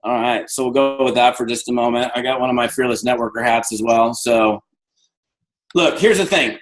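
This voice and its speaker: A man in his fifties giving an energetic motivational talk on a video call, acting out the voices in his stories. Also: mid-range voice, normal speed, low-quality recording. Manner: energetic storyteller, acts out dialogue. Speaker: guest speaker.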